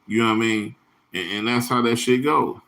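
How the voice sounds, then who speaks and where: A man's voice: medium pitch, steady tone, moderate pace, gravelly, a bit bright. A man hosting his own livestream in a loose, rambling, profane way, full of slang and answering viewers' chat comments by name. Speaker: livestream host.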